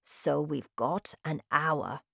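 A woman voicing a kind, protective elderly grandmother, speaking slowly and gently. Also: sits low, steady tone, creaky, no echo, clean studio sound, voice pushed down, exaggerated voice. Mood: gentle.

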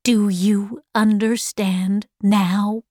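Woman doing a calm, wise old otherworldly lady. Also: medium pitch, dry recording, clean studio sound. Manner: calm, measured.

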